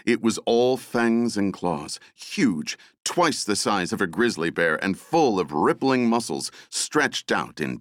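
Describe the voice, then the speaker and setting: A man narrating an action novel as an audiobook, dramatic and expressive. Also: low-pitched, dry recording, studio quality. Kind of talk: scripted narration.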